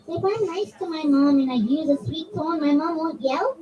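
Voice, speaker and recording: Speaking at normal speed in a high-pitched voice, a woman teaches children about religion in a religious center hall, acting out examples in voices with an animated, interactive style. She is far from the mic, and the sound is lo-fi.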